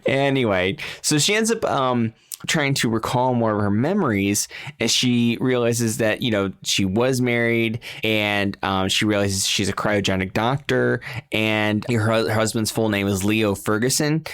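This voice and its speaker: A man's voice: lowish voice, a bit bright, clean tone. A man co-hosting a podcast, recapping a film in a rambling, casual way with many fillers. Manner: rambling, many ums, laughs often. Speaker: podcast co-host.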